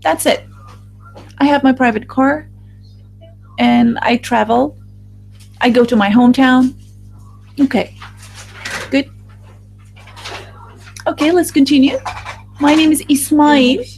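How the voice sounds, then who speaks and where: A woman giving a live voice-over interpretation of a group discussion, speaking in a halting way with restarts and fillers. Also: high-pitched, creaky, a little mellow, breathy edge, soft background music, low-quality recording.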